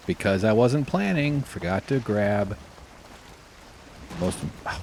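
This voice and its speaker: A man's voice: on the low side, lively intonation, a little slow, creaky, long pauses, noisy background. A man streaming a survival game who rambles in casual commentary, swearing freely and joking at his own expense. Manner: rambling, swears freely, self-deprecating jokes.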